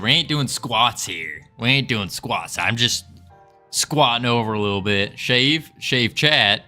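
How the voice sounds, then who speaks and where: A game developer livestreams and chats with viewers in an exaggerated Southern drawl, folksy and joking and laughing often. He speaks at medium pitch with a bright, forceful tone.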